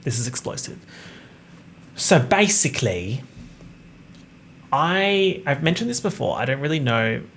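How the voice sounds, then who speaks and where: Young man, podcast host, gravelly voice, joking tangents, faint background hiss. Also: medium pitch, very animated, unhurried, long pauses, fairly bright tone. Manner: joking, tangent-prone, swears casually. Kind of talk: rambling solo podcast chat.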